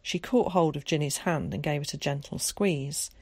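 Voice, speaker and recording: A woman narrates a children's storybook in a steady, measured reading voice that sits on the lower side. She shifts into character voices when people speak. The recording is close and dry, with no room sound. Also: breathy edge, dry recording. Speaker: audiobook narrator.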